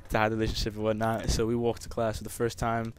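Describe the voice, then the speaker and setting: A man's voice: fairly low pitch, completely flat delivery, quick pace, a little hiss or hum. A young man telling a personal story over gameplay commentary, emotional and rambling, with many restarts. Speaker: gamer.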